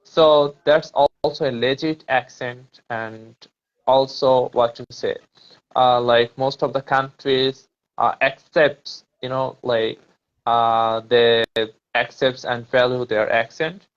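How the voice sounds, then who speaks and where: A man's voice: medium pitch, level tone, takes it slowly, clear, resonant tone, highs cut off. A man talking casually about English accents and exam preparation, hesitant, with many fillers and restarts. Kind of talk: casual conversation practice.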